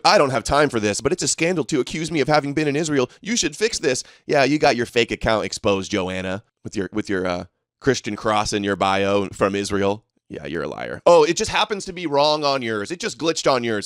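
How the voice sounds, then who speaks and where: A man in mid-rant on his own livestream, combative and openly mocking. His sarcasm comes through in a plain, middle-pitched voice. The sound is dry and close, with no room around it. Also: animated, normal speed, dry recording. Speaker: livestream host. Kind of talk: ranting livestream commentary.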